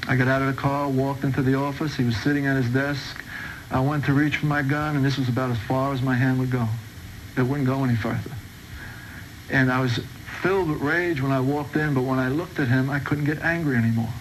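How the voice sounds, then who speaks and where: A man's voice: medium pitch, fairly even intonation, a little fast, a little hiss or hum, poor audio. Brooklyn man telling a dramatic testimony. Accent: Brooklyn New York. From Brooklyn, New York. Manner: intense, acts out tense confrontations. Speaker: testimony speaker.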